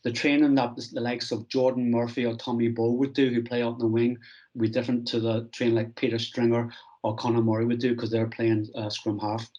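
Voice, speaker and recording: A middle-aged man recounts his coaching days in an interview, animated and full of restarts. His voice sits at an ordinary pitch. The recording sounds dull and lo-fi. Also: brisk. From Ireland. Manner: animated anecdotes, frequent restarts and "I goes". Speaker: strength and conditioning coach, guest. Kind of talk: conversational storytelling interview.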